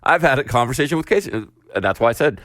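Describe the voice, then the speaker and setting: A man's voice: mid-range voice, quick pace, no echo, studio quality. A man co-hosting a casual parenting podcast, telling stories with energy. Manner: animated storyteller who acts out the voices. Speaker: podcast co-host.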